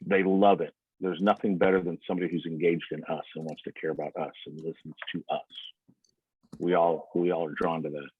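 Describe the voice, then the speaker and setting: A man as a sales trainer teaching on a video call, animated, acting out customer dialogue. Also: low voice, brisk, husky, no room sound. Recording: tinny phone-like line.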